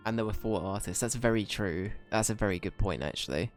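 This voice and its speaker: A man's voice: lowish voice, a little fast, faint music behind. A man streaming a video game, chatting in a laid-back, rambling way and swearing freely. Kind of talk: casual gameplay commentary.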